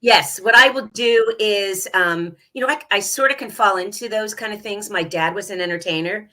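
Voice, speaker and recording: A woman's voice: mid-range voice, moderate pace, pushed and bright. A woman, an actress guest on a video call, chatting in a rambling way with many fillers. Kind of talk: casual chat.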